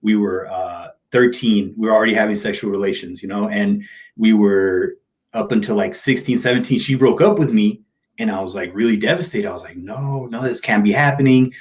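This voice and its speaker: A man's voice: lowish voice, brisk. Candid man telling emotional stories. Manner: open, emotional storytelling with casual slang. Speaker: motivational speaker. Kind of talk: candid interview talk.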